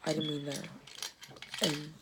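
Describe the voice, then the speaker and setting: A woman's voice: low voice, monotone, a little slow, very noisy. A teenage girl rambling through a casual storytime about her school friends, acting out the quotes. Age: teens. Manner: chatty, rambling, acts out quotes. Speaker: vlogger telling a storytime.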